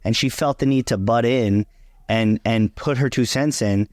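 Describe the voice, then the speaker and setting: A man's voice: medium pitch, moderate pace, a little mellow, dry recording, clean studio sound. A young man co-hosting a casual chat, talking bluntly and emphatically, swearing freely and repeating himself for emphasis. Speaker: vlog co-host.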